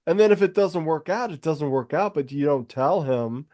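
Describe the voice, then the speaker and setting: A man's voice: fairly high pitch, animated, moderate pace, hardly any pauses, darkish tone. A man co-hosting a podcast, chiming in casually and emphatically, repeating himself.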